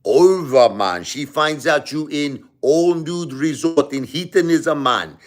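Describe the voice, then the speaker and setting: A man's voice: a little high, slow, pitched above the performer's own voice. A man voicing a laid-back Jamaican hotel worker with a Jamaican accent, drawling and ending lines with "man".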